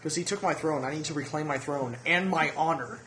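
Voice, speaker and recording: A young man co-hosting a podcast in rowdy casual chat, teasing and quick to laugh. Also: fairly high pitch, a bit bright, echoey room, slight background noise. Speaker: podcast co-host.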